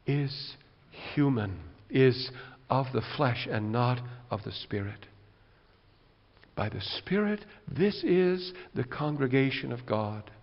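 Impassioned preacher man in an echoing hall. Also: mid-range voice. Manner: impassioned, swings between loud rhetorical questions and quiet earnest passages. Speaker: pastor. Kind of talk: sermon. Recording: dull lo-fi recording with long hall reverb.

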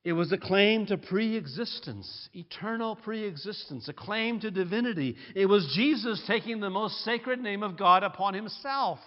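A man preaching a sermon, emphatic and climbing to loud peaks on key points. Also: high-pitched, expressive, normal speed, few pauses. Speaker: pastor. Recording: muffled sound with long hall reverb.

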